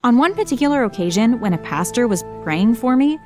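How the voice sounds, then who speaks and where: A woman giving scripted first-person narration for an animated story, matter-of-fact with wry asides. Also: on the high side, a little fast, faint music behind.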